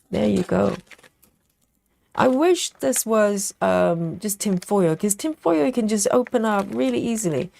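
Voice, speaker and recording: Gravelly-voiced woman chatting on a live stream. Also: medium pitch, darkish tone. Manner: chatty, reads out viewer comments, laughs often. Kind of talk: casual live-stream chat.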